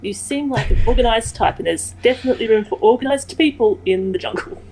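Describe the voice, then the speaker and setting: A woman's voice: on the high side, fast talker, a little mellow, a little hiss or hum, poor audio. Easygoing woman playing a tabletop game. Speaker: player. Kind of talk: tabletop role-play.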